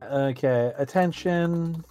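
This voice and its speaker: A man's voice: a little high, slow, mellow, faint music behind. Giggly young man on a podcast. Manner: laughing, joking, puts on regional voices. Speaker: podcast co-host. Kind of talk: casual chat.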